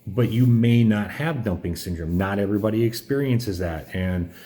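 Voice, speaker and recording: Low, mellow-voiced man telling his story. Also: moderate pace. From Indiana, US. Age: 40s. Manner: open, rambling, frequent fillers and restarts. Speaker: truck driver vlogger. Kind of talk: candid personal storytelling.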